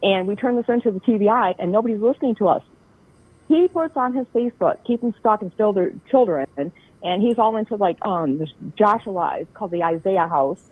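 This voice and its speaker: A woman's voice: medium pitch, lively intonation, fairly quick, husky. Woman, played clip, emphatic and indignant, tinny phone-line sound. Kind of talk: casual chat.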